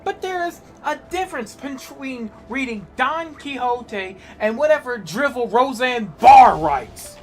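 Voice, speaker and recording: A woman streaming a game, with a fairly high voice whose pitch swings widely. She rants in irritation and swears heavily. Game music plays clearly behind her. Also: lively intonation, a little slow, few pauses. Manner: irritated ranting, heavy swearing. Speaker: gaming streamer. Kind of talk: live game commentary.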